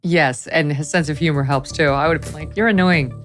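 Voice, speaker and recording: A middle-aged woman with a somewhat low voice hosts a relaxed interview. She talks in a chatty, animated way and slips into the voices of the people in her stories. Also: a little fast, soft background music. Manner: lively storyteller who acts out quoted voices. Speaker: podcast host. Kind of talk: casual interview chat.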